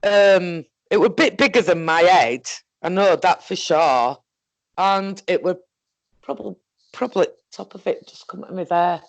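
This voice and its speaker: A woman with a Northern English accent telling a story in a casual, halting, rambling way, swearing often. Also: fairly low pitch, no room sound. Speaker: guest recounting an experience.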